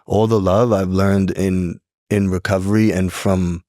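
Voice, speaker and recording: A man's voice: sits low, level tone, unhurried, dark tone, no echo, clean studio sound. A man in his forties with a New York accent, a podcast guest talking casually and calling everyone bro. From New York City. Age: 40s. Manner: streetwise, peppers talk with "bro" and "dude". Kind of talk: casual chat.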